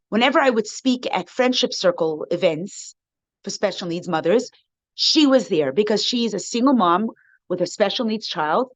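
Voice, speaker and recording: A woman rebbetzin giving an inspirational talk to a women's circle over a video call, telling a story in an animated way with frequent "you know"s and restarts. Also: fairly high pitch, no echo. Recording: dull, dry video-call audio.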